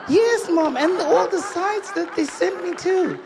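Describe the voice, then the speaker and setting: A man voicing a chatty young white woman on the phone, with a bright, breezy manner. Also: very high-pitched, lively intonation, a little slow, crowd noise, noisy background, voice pushed up, full character voice.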